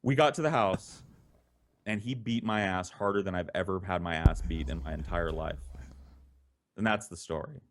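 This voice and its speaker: A man with a slightly low voice tells a story on a podcast, loose, casual and heavy on profanity. He keeps it animated and conversational. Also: moderate pace, noisy background. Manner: profane, animated, with laughter in between. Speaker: podcast host telling a story.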